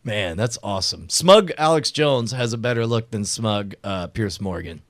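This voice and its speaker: A man hosting a podcast, commenting on a debate clip in an excitable, joking way. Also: fairly low pitch, moderate pace, dry recording, studio quality. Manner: excitable, joking, laughs often. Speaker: podcast host. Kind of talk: casual commentary.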